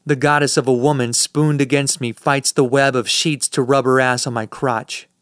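A man reads a first-person audiobook with a dry, sardonic edge, his mid-range voice smooth and resonant. The recording is close and dead dry, with no room sound at all. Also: medium pitch, fairly even intonation, moderate pace, a bit bright, dry recording. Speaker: audiobook narrator.

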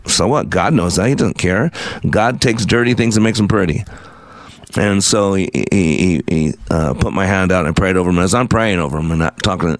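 A man telling a personal faith story in a rambling, halting way, often restarting his sentences. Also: deep voice, no echo. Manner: earnest, religious storytelling. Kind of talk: personal testimony with reading.

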